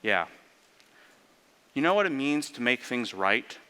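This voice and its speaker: A man preaching a sermon in an animated way, firing off rhetorical questions and sarcastic asides. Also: mid-range voice, unhurried, smooth. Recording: long reverb of a large hall.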